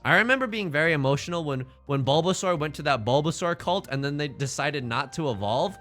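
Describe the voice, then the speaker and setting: Lively, bright-voiced male streamer. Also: on the high side, a little fast, soft background music. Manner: goofy, rambling, joking with chat between plays. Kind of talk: live-stream gameplay commentary.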